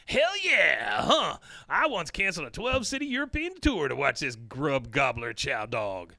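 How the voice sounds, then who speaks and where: A man putting on the voice of a brash male rock star, loud and pitched well above his own voice. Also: huge pitch swings, measured pace, vocal fry, no room sound, clean studio sound, heavily acted.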